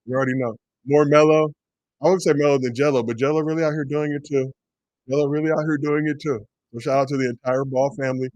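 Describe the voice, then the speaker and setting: A man in his forties co-hosting a casual sports livestream, joking and giving shout-outs to the chat. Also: a little high, fairly even intonation, quick pace, no room sound, lo-fi sound. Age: 40s. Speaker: co-host.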